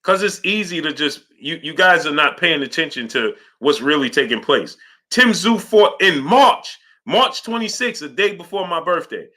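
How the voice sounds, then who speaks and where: Bright-voiced man hosting a live boxing stream. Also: on the high side, normal speed. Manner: animated, repetitive, asks "right?" often. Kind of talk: live-stream commentary, reading super chats.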